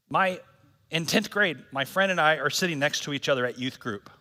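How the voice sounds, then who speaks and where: A man's voice: a little high, expressive, a little fast, bright, forceful tone, in a large hall. A man pastor giving a sermon at a church service in a casual, joking, slangy way.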